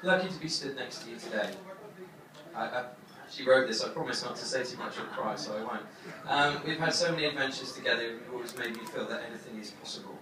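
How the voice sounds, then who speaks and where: A young man giving his wedding toast as the groom, halting with many fillers and fighting back tears. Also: medium pitch. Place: wedding reception hall. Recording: echoey hall from far off, crowd noise.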